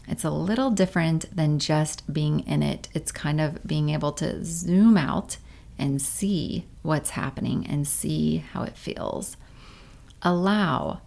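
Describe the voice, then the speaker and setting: A woman, around her thirties, gently guiding a meditation practice in a calm, unhurried way, at times drawing on her own life as a parent. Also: sits low, vocal fry. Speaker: meditation guide. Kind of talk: guided meditation.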